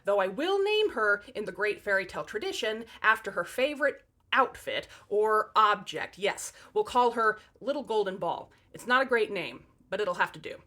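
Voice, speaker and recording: A woman's voice: medium pitch, lively intonation, moderate pace, sharp tone. A woman telling fairy tales in a comic narration, with sarcastic, wry asides to the audience. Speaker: storyteller.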